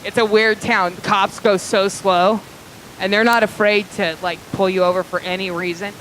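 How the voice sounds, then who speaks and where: A woman's voice: medium pitch, steady tone, normal speed, a bit bright, a little hiss or hum, low-quality recording. Crude, rambling woman comic. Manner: crude, rambling storytelling with fillers. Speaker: stand-up comedian. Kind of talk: stand-up comedy set. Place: small live comedy club.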